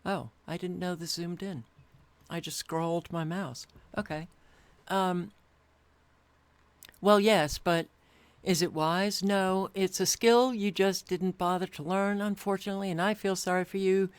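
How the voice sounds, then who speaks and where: Weary woman vlogger at her computer. Sighing, slow, clear voice. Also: on the low side, steady tone, dry recording. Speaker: channel host. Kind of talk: casual monologue to camera. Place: at home at a computer.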